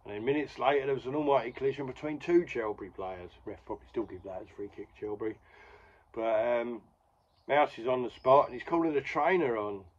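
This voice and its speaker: A man's voice: medium pitch, brisk, breathy edge, dull audio. A man in his forties casually retelling a comic strip with wry asides. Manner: wry, conversational, full of asides. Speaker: comics podcast host.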